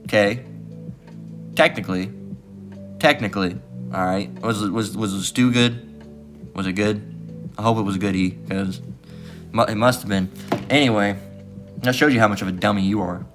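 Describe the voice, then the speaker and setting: A man's voice: on the low side, normal speed, long pauses, music in the background. A man preaching scripture in a combative, profane tone, repeatedly asking "all right?" and "guess what". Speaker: street-style preacher.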